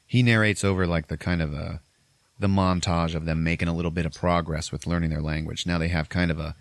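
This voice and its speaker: A man hosting a podcast, casually retelling a film's scenes, swearing freely and slipping into quick voices for the characters. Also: low-pitched, level tone, dry recording, clean studio sound. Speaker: podcast host. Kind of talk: casual movie recap.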